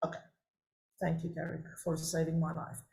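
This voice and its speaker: A woman coaching singers in a masterclass, lively and chatty with quick asides to her students. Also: deep voice, vocal fry. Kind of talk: masterclass teaching.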